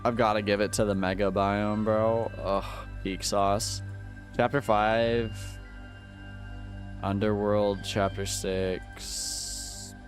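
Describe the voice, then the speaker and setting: Joking low-voiced male streamer. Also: level tone, slow, faint music behind. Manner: joking, slangy, talks to chat. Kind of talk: casual live-stream chat while gaming.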